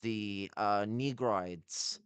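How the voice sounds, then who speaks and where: A man's voice: fairly low pitch, very slow, clear, resonant tone, dry recording. An Irish man talking casually and bluntly on a livestream, swearing and laughing often. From Ireland. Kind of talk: casual political chat on a livestream.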